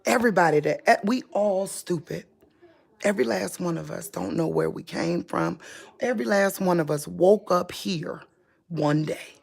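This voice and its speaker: A woman's voice: lowish voice, moderate pace, gravelly, darkish tone. A woman giving an unscripted spiritual monologue to her viewers in an impassioned, preachy way, speaking straight to them. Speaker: religious vlogger.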